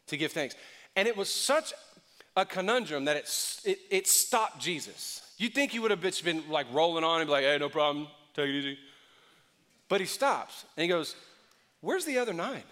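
A male pastor preaching a sermon in an expressive, conversational way, with acted-out quotes. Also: high-pitched, moderate pace, long reverb tail.

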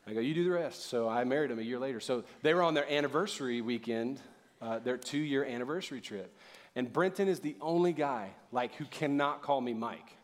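A middle-aged man preaching a sermon in church, talking casually and joking, then building up to loud, fervent preaching. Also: medium pitch, a little fast. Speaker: pastor.

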